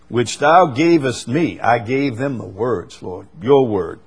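A man's voice: mid-range voice, animated, slow, few pauses, breathy edge. A man preaching a sermon, quoting scripture with emphatic rises and stammering repeats.

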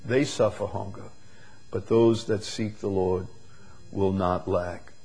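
A man preaching a sermon, drawing words out slowly and swinging from loud emphasis to hushed, quiet lines. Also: low-pitched, fairly even intonation, gravelly, breathy edge, rough recording. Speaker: pastor.

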